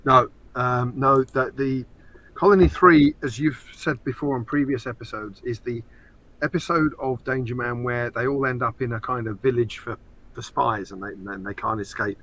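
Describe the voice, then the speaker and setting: A man's voice: medium pitch, normal speed, a bit bright, rough recording. A man from England co-hosting a casual podcast chat, teasing and explaining at length. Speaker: co-host and show expert.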